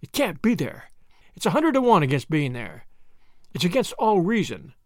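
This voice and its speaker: A man's voice: high voice, very animated, moderate pace, no room sound, studio quality. A man voicing an earnest, uneasy young Englishman who speaks in a clipped, anxious way.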